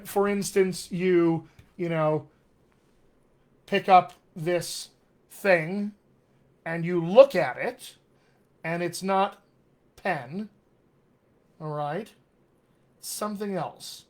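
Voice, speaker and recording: A man teaching as a dialect coach on a live video stream, talking conversationally, often checking in with "all right?" and calling viewers his friends. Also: high voice. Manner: slows down to stress key words. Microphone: webcam or computer mic on a live video stream.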